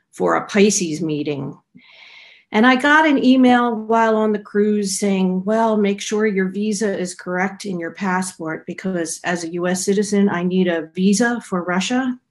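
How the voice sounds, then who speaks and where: A middle-aged woman, a researcher, casually telling a personal anecdote with small restarts. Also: fairly low pitch. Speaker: researcher being interviewed.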